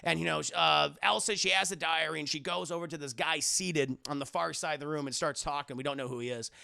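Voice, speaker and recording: A man's voice: a little high, fast, vocal fry, pushed and bright. A man casually and profanely recapping a movie for his live chat, talking to the viewers directly.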